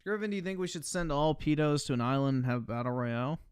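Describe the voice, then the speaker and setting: A man's voice: on the high side, lively intonation, fast talker, clear, resonant tone, no echo, clean studio sound. A man giving casual live-stream commentary as he reacts to videos, with blunt, profane, offhand opinions.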